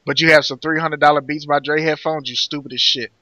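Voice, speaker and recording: A man hosts a podcast, reading out questions and cutting in with blunt, profane takes. His voice is bright and forceful, recorded dry and close with a dull, lo-fi tone. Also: on the high side, steady tone, fast talker, no room sound. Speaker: podcast host. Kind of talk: casual chat.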